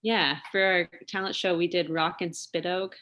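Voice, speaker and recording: Woman, young adult, lowish pitch, chatty, laughing, casual interview guest. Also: level tone, moderate pace, fairly bright tone. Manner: chatty, laughs often, lots of fillers. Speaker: interview guest, singer and lawyer.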